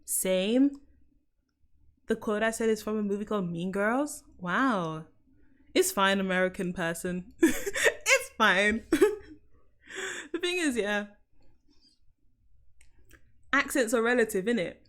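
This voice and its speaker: A woman's voice: mid-range voice, sing-song, takes it slowly, long pauses, fairly bright tone. A young woman with an English accent chatting playfully on a live stream, often laughing and repeating herself. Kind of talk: casual live-stream chat.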